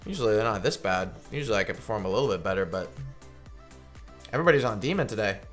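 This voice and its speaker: A young man streaming a game live, chatting casually with viewers in an excitable, profane way. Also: on the low side, quick pace, faint music behind. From Georgia, United States. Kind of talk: casual live gameplay commentary.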